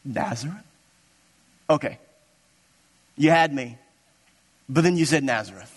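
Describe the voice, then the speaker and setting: A man's voice: on the high side, animated, measured pace, breathy edge. A doubting young disciple, scoffing and incredulous, as a preacher puts him on. His voice rings in a long hall reverb. The delivery is dramatic storytelling within a sermon.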